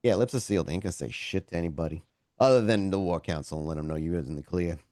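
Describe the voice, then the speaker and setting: A man's voice: on the low side, very animated, a little fast, a little mellow, no room sound, clean studio sound. A man voicing a blunt, distrustful, foul-mouthed male vampire in a tabletop game. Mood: gruff.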